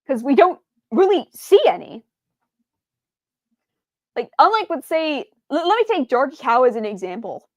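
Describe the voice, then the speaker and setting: A woman's voice: sits high, big pitch swings, a little slow, long pauses, no room sound, studio quality. A woman streamer chatting casually, rambling with many fillers and restarts, stumbling over her words and answering viewers' chat.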